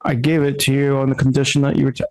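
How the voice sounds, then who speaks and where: A man voicing a cold, commanding noble patron who speaks from the shadows in a measured, disapproving way. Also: mid-range voice, monotone, darkish tone, natural voice.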